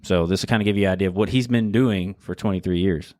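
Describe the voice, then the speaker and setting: A man hosting an interview, talking candidly with frequent pauses and fillers. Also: sits low, a little mellow. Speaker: podcast host. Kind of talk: casual interview commentary.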